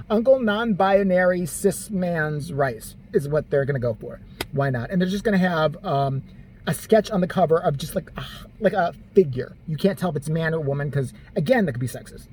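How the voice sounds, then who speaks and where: A crude, exasperated man rants into the camera, his pitch bouncing from low grumbles to high outbursts. He swears through nearly every line, over a faint background hiss. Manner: animated, jumps between high and low pitch. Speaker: vlogger. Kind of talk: profane comedic rant.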